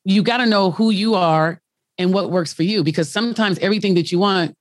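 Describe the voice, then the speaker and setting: A woman's voice: mid-range voice, brisk, no room sound, studio quality. A woman who hosts a radio show, chatting candidly about her marriage and telling stories with frequent laughter. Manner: candid, storytelling, laughs often. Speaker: radio host. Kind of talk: casual chat.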